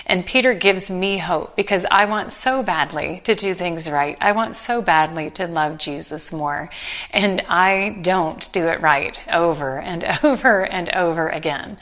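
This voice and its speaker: A middle-aged woman delivers a sermon in a slightly low voice. She retells the scripture with animated, earnest storytelling and light humor. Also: a little slow. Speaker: preacher.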